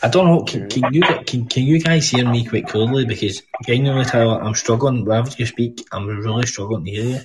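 A man's voice: mid-range voice, a little fast, few pauses, heavy background noise. A Scottish man hosting a podcast call, teasing callers with constant swearing and mock-aggressive banter. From Scotland. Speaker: podcast host. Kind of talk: casual call-in chat.

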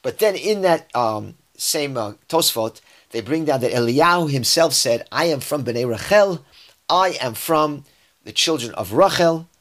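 A man's voice: a little high, animated, unhurried, a bit bright. A man giving a verse-by-verse scripture lesson. He reads Hebrew verses aloud and then explains them in English, often restarting his sentences. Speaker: Bible teacher.

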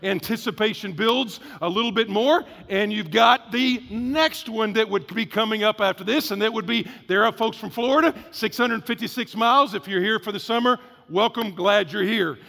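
In a big hall full of long reverb, a pastor delivers his sermon at a normal speed with hardly any pauses. His voice is high and gravelly, and he keeps things lively and conversational, acting out small asides.

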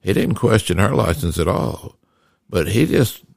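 An older man tells old stories in a low, gravelly voice, halting often and reaching for details. The sound is close and dry, with no room around it. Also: animated, darkish tone, no echo. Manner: slow, halting recollection with many fillers. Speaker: guest father telling stories. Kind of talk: casual storytelling.

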